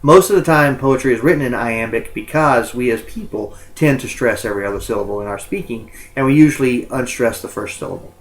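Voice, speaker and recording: A man's voice: mid-range voice, fairly quick, few pauses, poor audio. A male college English instructor giving a recorded lecture. He fills his speech with ums and uhs and corrects himself as he goes.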